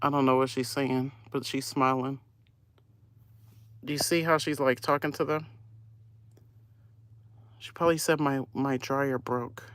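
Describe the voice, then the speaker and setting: A woman live-streaming from a laundromat on her phone, giving a nosy, gossipy running commentary and often dropping to a hushed voice. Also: very deep voice, little pitch movement, a little slow, long pauses, dry recording. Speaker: vlogger.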